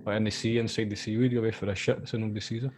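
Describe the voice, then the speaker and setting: Man, quick-fire rambler, casual podcast voice over faint music. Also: fairly low pitch, little pitch movement, a little mellow. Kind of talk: casual banter.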